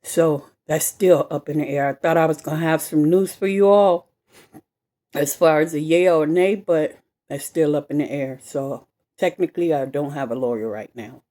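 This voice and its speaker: A woman telling a personal story to camera in an animated, emphatic way, swearing freely and repeating herself. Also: low-pitched, normal speed. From west side of Chicago. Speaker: vlogger.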